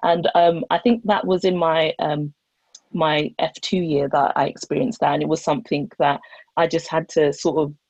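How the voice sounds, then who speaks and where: A young woman with a lowish voice, talking earnestly as she tells stories from her work as a doctor. The recording is dull and dry, with no room sound. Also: little pitch movement, moderate pace, darkish tone, slightly rough, no room sound. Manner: earnest, storytelling, reflective. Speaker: doctor, guest speaker. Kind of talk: casual discussion.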